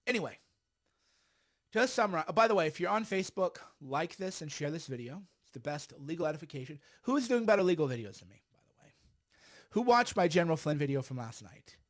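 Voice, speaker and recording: On a livestream, a middle-aged man gives blunt, emphatic political commentary, his voice fairly high for a man and swinging widely in pitch. Now and then he stops to puff on a cigar.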